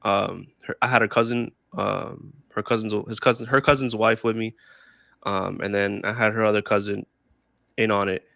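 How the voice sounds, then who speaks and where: A man's voice: on the low side, fairly even intonation, normal speed, creaky, a bit bright, no echo, clean studio sound. A young man casually telling a story on a podcast, laughing often, swearing freely and repeating himself. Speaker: podcast co-host.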